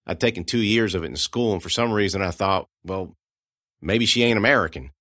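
A man narrating a first-person audiobook in a folksy, conversational way, going hushed at grim moments. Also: deep voice, a little fast, no room sound, studio quality.

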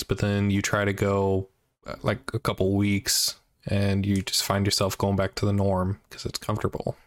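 A man co-hosting a podcast in relaxed casual chat, leaning on "you know" fillers. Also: fairly low pitch, dry recording, clean studio sound. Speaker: podcast co-host.

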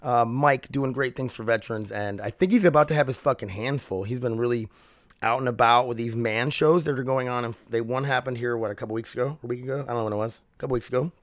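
A man's voice: mid-range voice, fast talker, no echo, studio quality. A man hosting a casual solo podcast from home, rambling, swearing freely and laughing often. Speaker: podcast host.

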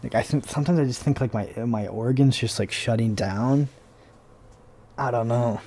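Young male podcast host, warm low-key tone, profane and sarcastic rambler. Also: moderate pace. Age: young adult. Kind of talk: casual solo monologue.

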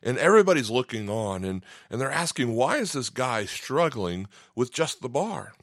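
A man's voice: medium pitch, very animated, normal speed, fairly bright tone, no room sound, clean studio sound. A man preaching a sermon in an easygoing, conversational way, often repeating a word as he starts a phrase. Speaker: pastor.

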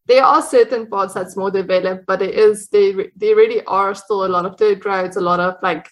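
A woman's voice: medium pitch, fairly even intonation, normal speed, poor audio. A woman with a South African accent, chatting as an interview guest, laughing often and restarting her sentences. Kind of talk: casual conversation.

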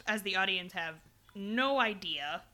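A woman's voice: medium pitch, animated, a little slow, bright, forceful tone. An American woman co-hosting a podcast in playful casual chat, often giggling as she retells scenes. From United States. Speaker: podcast co-host.

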